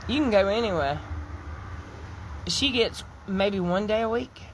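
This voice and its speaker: A woman's voice: mid-range voice, animated, a little slow, slight background noise. A middle-aged woman, giving emphatic, indignant commentary as she tells a personal story. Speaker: social media commentator. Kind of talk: impassioned stitch commentary.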